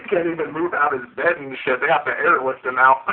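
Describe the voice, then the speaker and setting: A man's voice: fairly high pitch, steady tone, normal speed. A man trading crude mocking insults in a voice chat roast, laughing at his own jokes. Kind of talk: trash-talk roast over voice chat. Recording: tinny phone-like voice chat with faint noise.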